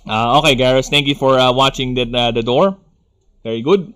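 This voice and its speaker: A young Filipino man with a Filipino accent chats casually and profanely while live-streaming a video game, rambling and often drifting into rants. His mid-range voice is brisk, fairly bright, clear and resonant.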